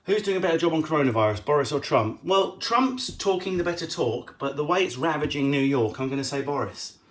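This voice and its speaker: A man's voice: fairly high pitch, lively intonation, a bit bright. A man, a comedian, answering viewer questions at home in a casual, cheeky, sweary way. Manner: cheeky, sweary, quick-witted. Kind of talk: casual live Q&A.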